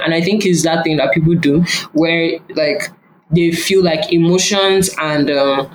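A Nigerian woman talking as a podcast guest, blunt and animated, swearing freely as she talks. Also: low-pitched. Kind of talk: casual podcast conversation. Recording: roomy echo, faint ambient noise.

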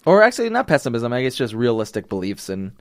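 A man's voice: mid-range voice, huge pitch swings, fast. A young man hosting a casual chat, talkative and jokey, laughing often.

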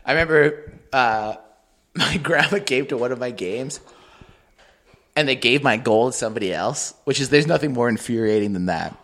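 A man's voice: mid-range voice, normal speed. A man co-hosting a casual podcast, telling stories with lots of swearing and acting out the people he quotes. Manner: animated, swears often, acts out quoted people. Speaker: podcast co-host. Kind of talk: casual chat, storytelling.

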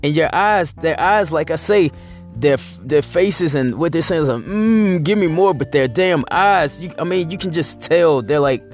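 A man's voice: a little high, normal speed, soft background music. A man hosting his weekly show, talking in a blunt, rambling, profane casual monologue. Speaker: host.

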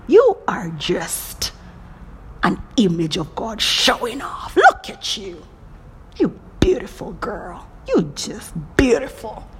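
A woman speaks in a theatrical, motivational monologue, taking her time over each phrase. She slides from hushed whispers into loud bursts and laughs at herself along the way. A faint background hiss sits under her voice. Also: medium pitch.

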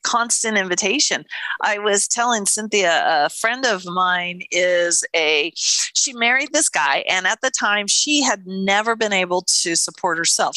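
Bright, animated woman telling stories. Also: no echo. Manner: animated storytelling, laughs often, jumps into high excited voices. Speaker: podcast co-host. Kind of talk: casual spiritual podcast chat.

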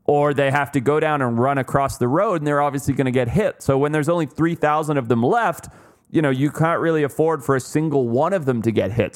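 A man co-hosting a podcast, telling stories in a loose, chatty way with plenty of fillers. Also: medium pitch. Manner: chatty storyteller with many fillers. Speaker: podcast co-host. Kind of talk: casual chat.

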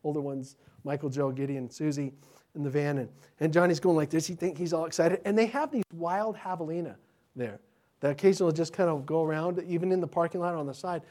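A middle-aged man, a pastor, telling stories to children in an animated, chatty way, often restarting his sentences. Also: a little high, brisk. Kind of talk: children's sermon storytelling.

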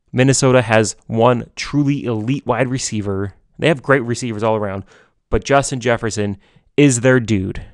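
A young man giving solo sports commentary from home, excitable and gushing, often repeating and restarting himself. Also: mid-range voice, dry recording, studio quality. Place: home basement.

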